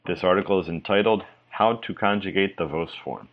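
Man, very deep voice, scripted lesson reading, measured, slows on examples, slightly muffled lo-fi sound. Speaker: reader of a language article.

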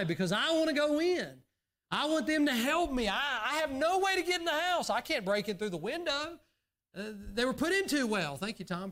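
A man's voice: high-pitched, a bit bright. A male pastor, preaching a sermon in a conversational way that rises into emphatic pleas.

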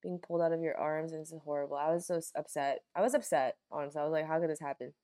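A woman's voice: sits low, rapid-fire, warm tone. A young woman co-hosting a podcast, retelling a family memory in casual chat, acting out quotes and laughing. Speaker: podcast co-host.

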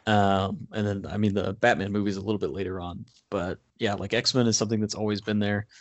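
A man's voice: fairly low pitch, fairly even intonation, dry recording. A man co-hosting a film podcast in casual chat, with frequent "um" and "like" fillers. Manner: frequent "um" and "like", measured. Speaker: podcast co-host.

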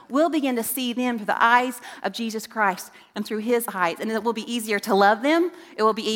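A middle-aged woman speaks from a church stage mic, her voice a little high and ringing out with a long hall reverb. She preaches earnestly and with emphasis to parents, tossing questions to the children in the room. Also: a bit bright. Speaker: children's ministry director. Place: church sanctuary.

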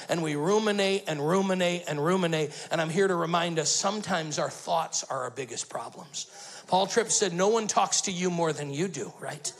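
A man, the lead pastor, preaching a sermon, telling stories and building to loud emphatic bursts. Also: high-pitched, a little fast, rough recording.

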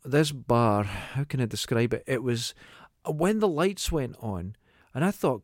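A Scottish man chatting casually on a podcast, telling stories in a sweary, halting way with fillers. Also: mid-range voice, animated, darkish tone, no echo, clean studio sound. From Scotland. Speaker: podcast co-host. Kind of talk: casual chat.

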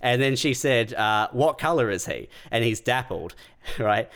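A man, co-hosting a podcast, telling sweary, deadpan stories in casual comedic chat. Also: mid-range voice, measured pace. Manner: sweary, deadpan storytelling with laughs. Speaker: podcast co-host.

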